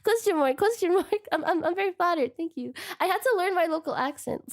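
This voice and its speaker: Giggly high-voiced woman streamer. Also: lively intonation, a little fast, hardly any pauses. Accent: non-native English accent. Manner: bubbly, giggly, says "question mark" as a verbal tic. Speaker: VTuber streamer. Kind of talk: casual live-stream chat reading viewer comments.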